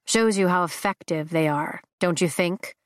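A woman voicing a sarcastic, sharp-eyed young male noble rider in a storybook reading, teasing and wry. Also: on the low side, normal speed, no echo, clean studio sound, close to an everyday voice.

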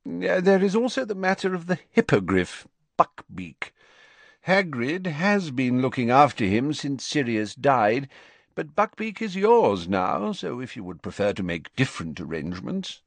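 A man voicing a calm, shrewd old male headmaster wizard who speaks in a measured, courteous way, in an audiobook. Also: mid-range voice, vocal fry, no echo, voice pushed up, full character voice. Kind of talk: audiobook character voice.

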